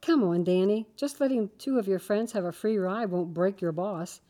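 A woman's voice: mid-range voice, normal speed, mellow, close to an everyday voice. A woman reading the part of a teenage boy urging his friend to break the rules in a children's story.

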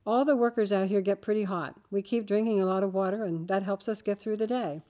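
A woman reading the part of a shy, hardworking teenage boy who speaks calmly and politely in a children's story. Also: mid-range voice, brisk, natural voice. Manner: calm, polite.

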